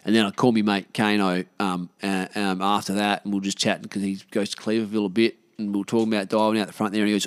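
A man's voice: fairly low pitch, little pitch movement, quick pace, few pauses, clear, resonant tone, dry recording. A man with an Australian accent telling a rambling, casual story, laid-back and full of swearing.

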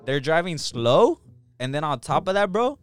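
A man's voice: a little high, normal speed, clean tone, no room sound, faint music behind. A young man in a casual, profane chat with friends, ranting animatedly and saying "bro" a lot. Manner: animated, swears constantly, says bro a lot.

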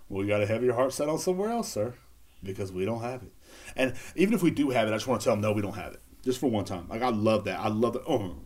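Man, solo podcast host, casual rambling, joking, profane, mid-pitched voice. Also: animated, quick pace, a little mellow. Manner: rambling, joking, profane, laughs at own bits.

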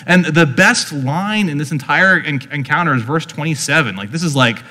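A man gives a relaxed teaching sermon, talking the way he would in conversation and dropping in lots of fillers. His voice sits a little higher than most men's. Long reverb trails each phrase, as in a large hall. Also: normal speed, few pauses. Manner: conversational, chatty, leans on "like" fillers. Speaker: preacher.

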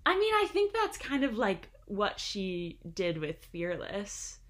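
A woman's voice: medium pitch, wildly swooping pitch, takes it slowly, fairly bright tone. A young woman co-hosting a podcast in casual chat, hedging often with "like" and "I don't know". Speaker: podcast co-host.

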